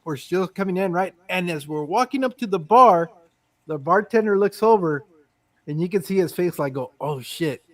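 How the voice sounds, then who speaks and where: A man in his fifties tells a story in casual chat at normal speed, his voice high. He's animated, acting out the voices of the people involved and swearing casually.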